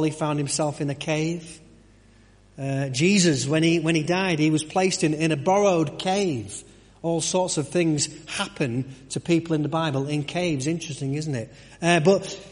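Man, sermon, fairly high voice, long church reverb, chatty with rhetorical questions. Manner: conversational, with many restarts and rhetorical questions. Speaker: preacher.

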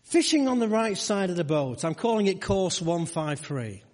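A man delivers a sermon in a relaxed, conversational way, tossing rhetorical questions to his listeners. His voice sits a little high for a man. The sound rings with a long hall reverb. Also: moderate pace. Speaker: pastor.

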